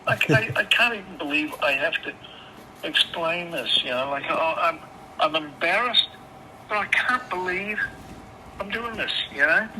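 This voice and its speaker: A man talks over a phone line with a steady hiss behind him. His voice is bright and lively, rising and falling a lot. He swears often and stumbles over repeated words. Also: fairly high pitch, normal speed. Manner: swears often, stammers and restarts. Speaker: caller. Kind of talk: agitated phone call. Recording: phone line with background noise.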